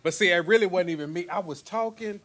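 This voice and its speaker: A man's voice: high-pitched, fast, fairly bright tone. A man from East Texas hosting a livestream, talking in a loose, laid-back way with casual slang.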